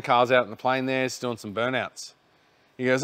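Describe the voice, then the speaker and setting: A man's voice: mid-range voice, flat delivery, a little fast, a bit bright, clean tone. An Australian man hosting a podcast, telling a rambling, laid-back story in casual chat and swearing freely. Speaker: podcast host.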